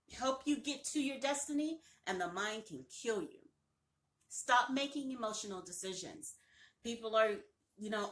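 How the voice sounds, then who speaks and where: Woman coach, live-stream pep talk, bright forceful tone, slightly high voice, emphatic and repetitive. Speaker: branding coach.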